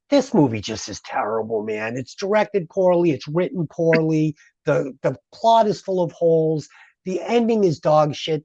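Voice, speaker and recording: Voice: mid-range voice, mellow, no echo, highs cut off. Profane ranting podcast co-host. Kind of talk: casual movie review chat.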